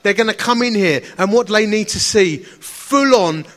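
A man's voice: high-pitched, moderate pace, fairly bright tone. A middle-aged man with a slight lisp on some words, preaching a sermon in an enthusiastic, chatty storytelling way.

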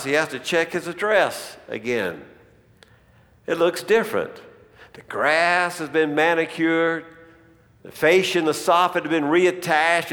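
A man's voice: a little high, fairly bright tone. A man preaching a sermon as a dramatic story, narrating with a storyteller's pacing. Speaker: pastor. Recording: long reverb in a large hall.

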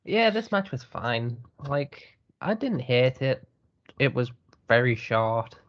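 Man, mid pitch, blunt and wry, casual podcast chat, slightly muffled dull mic. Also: very animated, slow pace. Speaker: podcast co-host and reviewer.

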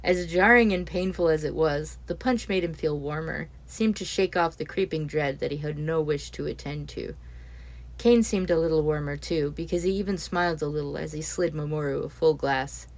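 A woman reading a story aloud as its narrator, steady and expressive. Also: low voice, normal speed. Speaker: audiobook narrator.

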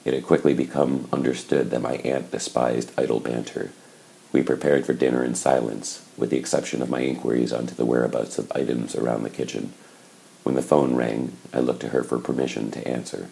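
Audiobook narrator, male, very low and gravelly, dark and measured. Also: flat delivery, rough recording. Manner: measured, reflective.

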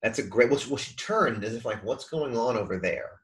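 A man co-hosting a laid-back podcast over a video call. He talks in an animated way and keeps breaking into little voices to quote what he heard. His voice sits at a middle pitch. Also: brisk, rough recording. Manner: animated, acts out quoted lines. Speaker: podcast co-host. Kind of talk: casual chat.

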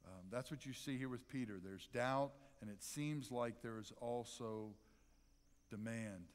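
A man preaching a sermon as pastor, animated and conversational, with dramatic pauses. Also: mid-range voice, big-room sound. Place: church sanctuary.

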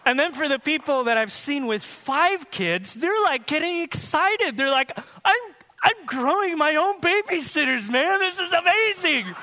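A man preaching a sermon, loose and conversational, often breaking into laughter. His voice is high and bright, and it rings through a large hall with a long echo. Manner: conversational and joking, with quick laughs. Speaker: pastor. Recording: reverberant hall.

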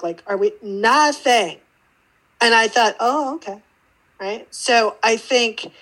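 Recorded in low quality, a woman with a mid-range voice shares her story as a guest on an interview podcast. She's an intuitive teacher, and her telling is casual and animated, with the quoted dialogue acted out.

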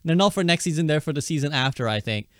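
A man with a high voice hosts a gaming podcast, ranting quickly and crudely. His mic is close and dry, with no room around him. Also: no echo. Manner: excitable, laughing, crude. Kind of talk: casual debate chat.

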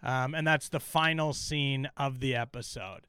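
A man's voice: medium pitch, fairly even intonation, a little slow, pushed and bright, clear, resonant tone, dry recording, studio quality. A man co-hosting a casual TV recap podcast, enthusiastic and profane, with many ums and uhs. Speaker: podcast co-host.

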